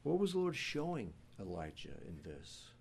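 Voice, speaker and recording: A pastor preaching a sermon, who moves between hushed, quiet passages and loud, emphatic ones. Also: male voice, on the low side, wildly swooping pitch, moderate pace, gravelly, a little hiss or hum.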